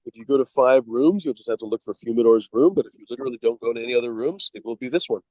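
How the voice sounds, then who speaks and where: A man's voice: mid-range voice, darkish tone, no room sound, rough recording. A man hosting a casual video stream, rambling and stopping often to find his words. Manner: rambling, halting with fillers. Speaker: show host. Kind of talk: casual livestream chat.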